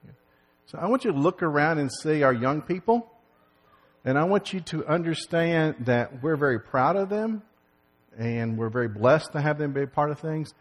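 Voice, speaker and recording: A man's voice: a little high, expressive, normal speed. A man leading a congregation as pastor, giving folksy church announcements and opening remarks. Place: church sanctuary. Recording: long hall reverb.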